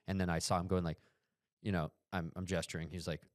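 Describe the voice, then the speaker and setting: A young man with a low, deep voice tells a rambling comic story, leaning on "like" and casual swearing. The sound is close and dry, with no room around it. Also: little pitch movement, fast, no room sound. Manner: rambling, filler-heavy, swearing. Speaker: podcast co-host.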